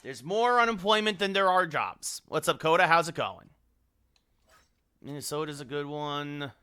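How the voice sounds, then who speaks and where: A man's voice: a little high, lively intonation, normal speed, pushed and bright, clear, resonant tone. A man streaming a hockey game late at night, rambling and thinking aloud as he scrolls through players and chats with his viewers. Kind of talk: live game-stream commentary.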